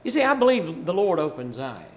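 A man's voice: fairly high pitch, big pitch swings, a little fast. An older man from Virginia, a pastor telling church stories in a folksy way, chuckling and rising to fervor. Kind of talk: storytelling testimony.

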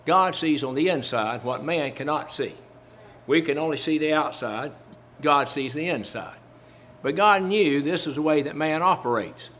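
A man preaches as a Baptist minister in a fairly high, slightly bright voice at a normal speed. Repetition drives his points home as he quotes King James scripture and asks his listeners rhetorical questions.

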